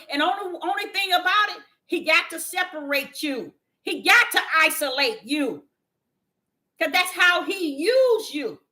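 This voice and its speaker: A woman preaching an impassioned sermon in a fervent, scolding manner that rises to shouting. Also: high voice. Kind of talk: impassioned street-style sermon.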